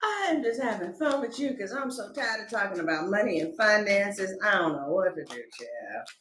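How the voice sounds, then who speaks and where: A woman doing a casual tarot reading to camera, animated and joking, laughing often and slipping into comic voices. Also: medium pitch, normal speed, roomy sound, background noise. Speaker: tarot reader.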